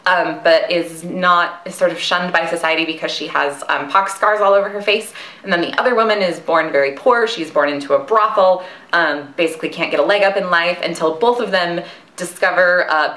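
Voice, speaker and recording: Chatty woman with a bright, ringing voice. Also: on the low side. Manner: chatty, enthusiastic, with fillers and asides. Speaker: author and book recommender. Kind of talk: casual book recommendation video. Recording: echoey room.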